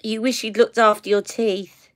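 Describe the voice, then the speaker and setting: A woman's voice: a little high, flat delivery, normal speed, a bit bright. A woman from the UK chatting and laughing through tangents on a live makeup stream. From United Kingdom. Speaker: beauty vlogger. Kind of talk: live makeup tutorial chat.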